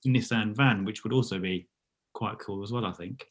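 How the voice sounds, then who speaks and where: A man in casual video-call chat, relaxed and anecdotal, as a panel regular. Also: on the low side, moderate pace.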